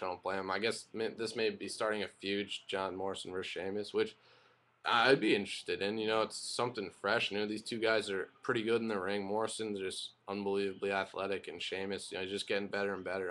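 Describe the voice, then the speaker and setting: This young man casually recaps and reviews a wrestling broadcast in a rambling, opinionated way, with frequent fillers and restarts. His voice is lowish and a bit bright.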